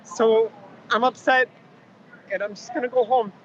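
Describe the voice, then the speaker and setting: A man's voice: very high-pitched, steady tone, moderate pace, a bit bright. A tearful man counter-protesting outdoors, venting in an angry, swearing outburst. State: tearful, emotional. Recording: dull, noisy outdoor camera audio.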